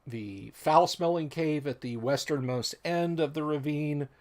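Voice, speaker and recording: A man's voice: a little high, measured pace, darkish tone. A man running a tabletop game as game master, describing the scene with frequent restarts.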